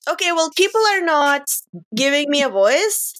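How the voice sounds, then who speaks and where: A woman co-hosting a podcast in casual chat, excitable and prone to wandering off onto tangents. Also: high-pitched, normal speed. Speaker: podcast co-host.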